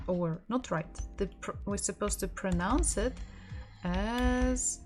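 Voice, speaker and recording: Female tutor, unhurried, faint music under her voice. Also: mid-range voice. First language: Russian. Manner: explains patiently, with frequent restarts and small laughs. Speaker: language teacher. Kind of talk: online language lesson.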